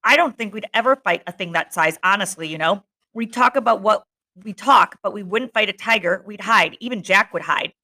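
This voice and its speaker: Ralph, a woman reading as a harried boy chief, straining and exasperated, his bright voice pushed upward whenever the others argue back. A storybook reading with a crisp, forward tone. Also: mid-range voice, normal speed. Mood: frustrated. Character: boy leader, anxious and frustrated.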